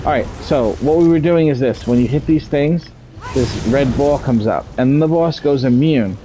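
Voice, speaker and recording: A man's voice: mid-range voice, normal speed, noisy background. A man streaming a game, chatting casually, explaining mechanics and swearing freely. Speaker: streamer playing an online game. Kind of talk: casual gameplay commentary.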